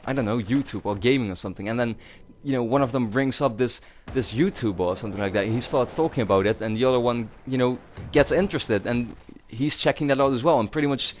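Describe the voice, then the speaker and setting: A man's voice: medium pitch, fast, few pauses, a little hiss or hum. A young man from the Netherlands with a Dutch accent, rambling casually to his viewers with many fillers and restarts. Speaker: YouTuber.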